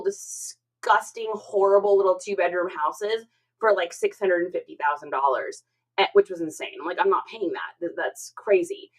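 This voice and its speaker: Middle-aged woman, live-stream host, chatty and expressive, average pitch. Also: rough recording. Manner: chatty and expressive, with frequent fillers and repeated words. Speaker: reseller hosting a live stream. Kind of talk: casual live-stream chat, reading out viewer comments.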